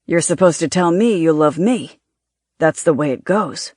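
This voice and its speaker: A narrator voicing a devoted adult man teasing his lover affectionately, a little louder than the narration. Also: on the high side, unhurried, no room sound, clean studio sound. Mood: teasing, tender.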